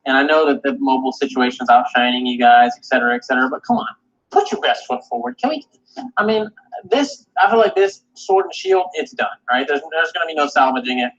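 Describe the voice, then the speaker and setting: A man ranting about video games in a heated, cursing, animated way, often stumbling over and repeating his words. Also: medium pitch, a little fast. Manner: animated, cursing, repeats himself and mimics others. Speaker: video game commentator. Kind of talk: profane rant. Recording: dull lo-fi audio.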